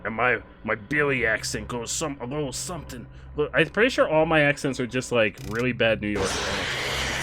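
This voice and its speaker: A man streaming a game, chatting casually and loudly thanking donors with sudden excited outbursts. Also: normal speed, music in the background. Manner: excitable, shouts out thanks to donors with big jumps in pitch. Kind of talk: casual live-stream chat while gaming.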